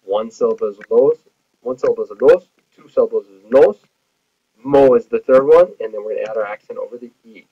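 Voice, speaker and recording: A man's voice: medium pitch, fairly quick, warm tone, husky. A man teaching Spanish grammar in a recorded lecture, explaining patiently with many fillers. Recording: tinny phone-like audio.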